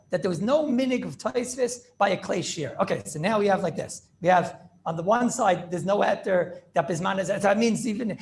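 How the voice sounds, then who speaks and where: A man teaching an informal class, talking fast and repeating himself and quizzing his students. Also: high-pitched, gravelly, slight background noise. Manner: rapid, repetitive, asks the class questions.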